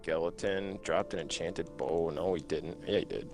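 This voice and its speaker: A man's voice: low voice, moderate pace, hardly any pauses, a little mellow, soft background music. A man hosting a casual gaming stream, joking crudely and swearing freely. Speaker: streamer host.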